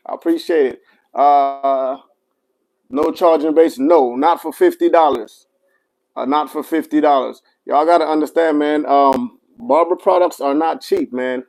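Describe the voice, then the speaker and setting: A man's voice: medium pitch, unhurried, vocal fry, darkish tone, low-quality recording. Chatty livestream seller, a man, answering comments while he demos gear. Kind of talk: casual product demo livestream.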